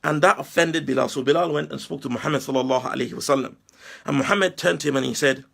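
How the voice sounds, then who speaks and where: Gravelly, husky forceful male preacher. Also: a little high, fast talker. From Nigeria. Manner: forceful, preachy, rhetorical questions. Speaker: Muslim commentator. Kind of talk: impassioned video monologue.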